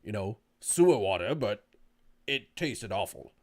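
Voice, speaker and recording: A man's voice: lowish voice, sing-song, unhurried, darkish tone. Rambling, hesitant man player. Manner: rambling, hesitant, repeats words. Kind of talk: casual tabletop game chat.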